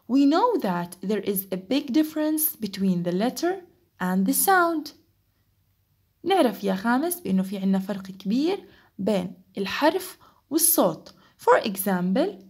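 A woman teaches a lesson in a husky voice that sits a little high. She speaks very slowly and repeats each phrase. Her pitch rises and falls in wide, lively swings. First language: Arabic. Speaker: English teacher. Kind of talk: recorded classroom lesson.

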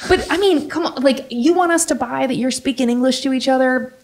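A woman's voice: high-pitched, a little fast, darkish tone. A woman guest on a podcast, talking animatedly and with exasperation about a movie, laughing often. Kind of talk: casual film discussion.

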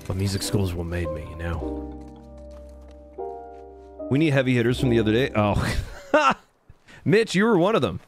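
A man's voice: lowish voice, sing-song, moderate pace, long pauses, over music. A man chatting casually on a live stream while playing a game, thanking viewers by name. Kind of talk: casual live-stream chat over gameplay.

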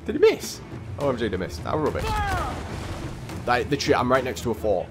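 A man's voice: mid-range voice, fast. A young man giving gameplay commentary, muttering to himself and repeating his frustrations as he plays. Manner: exasperated, talking to himself, repetitive. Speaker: gamer. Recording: voice over game audio with loud music. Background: loud game music and cannon fire.

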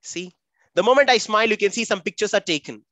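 A man's voice: high voice, fast, a bit bright, no room sound. A man with an Indian English accent teaching a live online coding class for children, upbeat and chatty, calling on students by name.

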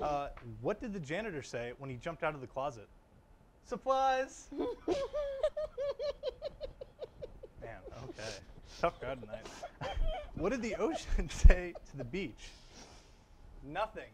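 A young man hosting a student TV segment, telling dad jokes and pleading for laughs after each one. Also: on the high side. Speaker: student TV host. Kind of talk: playful group challenge chat, telling dad jokes.

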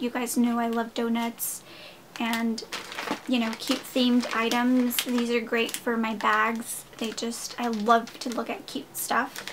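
A woman's voice: fairly high pitch, background noise. A young woman chatting casually in a haul vlog, gushing and enthusiastic as she talks to her viewers. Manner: gushing, enthusiastic, addresses viewers as "you guys". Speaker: haul vlogger.

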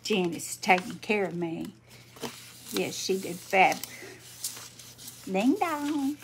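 A woman's voice: on the low side, fairly even intonation, slow pace, vocal fry, slight background noise. An older woman chatting folksily on a livestream, greeting viewers by name and sounding tired. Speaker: livestream host. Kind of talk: casual livestream chat while crafting.

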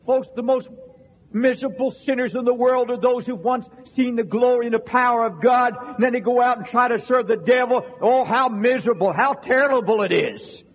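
A man preaching an impassioned sermon to a congregation in a church, repeating phrases and shouting at the peaks. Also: very high voice, normal speed, slightly rough, narrow, tinny audio. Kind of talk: fiery revival sermon. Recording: long reverberant hall sound.

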